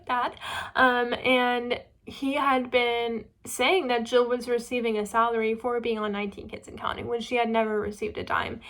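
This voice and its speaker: A young woman hosting a casual book-review chat, retelling a story in an animated way with quoted asides. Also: on the high side.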